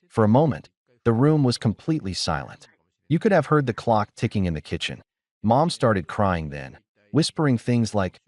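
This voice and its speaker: Man with lively dramatic storytelling. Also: lowish voice, moderate pace, no room sound. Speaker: narrator. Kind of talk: scripted first-person story narration.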